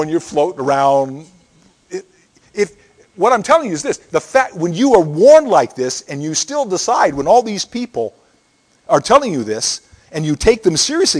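A middle-aged man preaching a sermon in a conversational way, often checking in with "okay?". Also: on the high side. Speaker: pastor.

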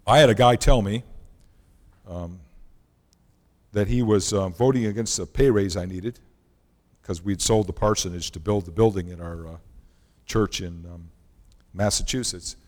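A middle-aged male pastor preaching a sermon in a conversational way, sometimes dropping his voice very low for emphasis. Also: measured pace, long pauses, a little mellow. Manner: conversational preaching, drops to near-whisper for emphasis. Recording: long hall reverb.

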